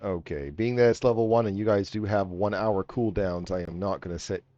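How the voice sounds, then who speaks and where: A man running a tabletop game as game master, talking in a relaxed, halting way with many fillers. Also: on the low side, dry recording. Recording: dull dry lo-fi audio.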